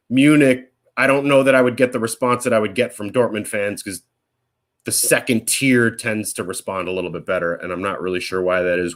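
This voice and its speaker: A man's voice: medium pitch, fairly bright tone. A man hosting a live question-and-answer stream, chatting casually and rambling, often correcting himself mid-sentence. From United States. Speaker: host answering viewer questions.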